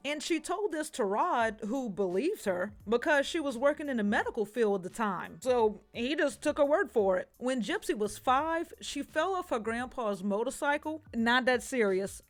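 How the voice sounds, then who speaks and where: A woman's voice: on the high side, lively intonation, moderate pace, few pauses. A woman telling a true crime story casually, with sassy, profane comic asides.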